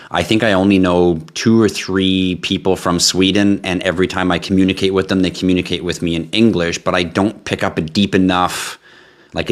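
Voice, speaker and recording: Low-voiced tired man hosting a live chat. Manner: relaxed, chatty, reads viewer questions aloud and answers. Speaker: livestream host answering crypto questions. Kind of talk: casual live Q&A.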